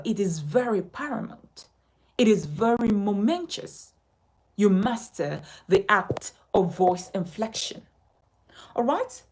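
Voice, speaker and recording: A woman's voice: a little high, warm tone, breathy edge, low-quality recording. A woman from Nigeria teaching a speaking lesson as a communication coach, emphatic and instructive, repeating her key points.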